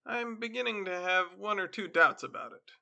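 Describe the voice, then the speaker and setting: A man's voice: high voice, normal speed, creaky, bright, forceful tone, pitched above the performer's own voice, exaggerated voice. A man reading the part of a frightened, stubborn farmer from New Hampshire, talking in an anxious, pleading way.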